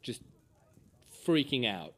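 A man narrating as game master of a tabletop game, halting, with many fillers and restarts. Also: medium pitch, sing-song, a bit bright.

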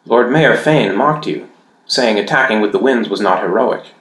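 A man voicing a young girl apprentice in an audiobook, his pitch raised, earnest and shaken. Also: animated, moderate pace, a bit bright, echoey room, low-quality recording.

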